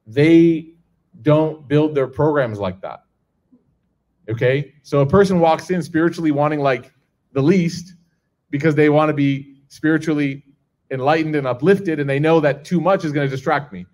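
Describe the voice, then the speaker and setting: A man's voice: medium pitch, a little mellow. A man giving a conversational religious lesson to a live audience, often checking in with the listeners and acting out the people in his stories. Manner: conversational, keeps checking in with "okay?" and "right?"; acts out quoted people in a raised voice. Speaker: religious teacher. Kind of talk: casual lecture to a live audience.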